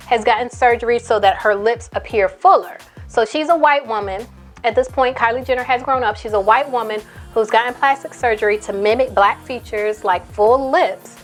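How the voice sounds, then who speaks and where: An outspoken woman talks in a casual commentary style and hammers her points home by repeating them. Her voice sits fairly high. Faint music plays under her. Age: adult, a mother. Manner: outspoken, emphatic, repeats for emphasis. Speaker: commentary YouTuber. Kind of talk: casual commentary, reading tweets aloud.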